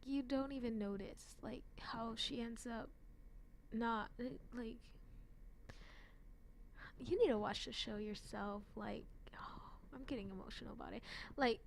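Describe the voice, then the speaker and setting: A woman's voice: mid-range voice, creaky, a little hiss or hum. A young woman chatting casually about an anime she loves, rambling with many fillers and frequent self-deprecating giggles. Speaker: anime fan vlogger.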